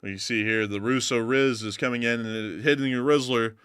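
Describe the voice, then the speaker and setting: A man's voice: mid-range voice, normal speed, smooth, no room sound, clean studio sound. A man hosting a war news show, giving casual, joking commentary over battle footage. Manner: joking, animated, self-mocking.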